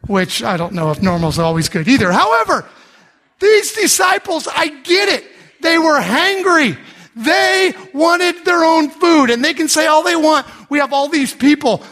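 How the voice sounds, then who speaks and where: A middle-aged male pastor preaching a sermon, telling the story with humor and acting out the people in it, and rising to shouts for emphasis. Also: very high voice, unhurried. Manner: animated storyteller, acts out voices with humor.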